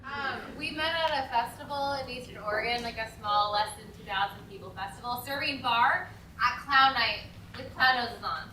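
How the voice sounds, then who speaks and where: A woman's voice: a little high, moderate pace, bright, forceful tone, a little hiss or hum. A woman in a comedy club audience answering the comedian in a casual, hesitant way. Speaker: audience member. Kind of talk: answering from the crowd. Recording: distant, roomy, picked up from the crowd.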